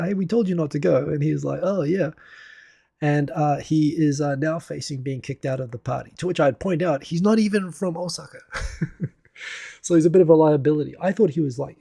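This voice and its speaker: A man's voice: mid-range voice, creaky, warm tone, breathy edge, dry recording, clean studio sound. A man from New Zealand hosting a casual live stream, talking through news and reading viewer comments in a chatty way with many restarts. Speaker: live show host.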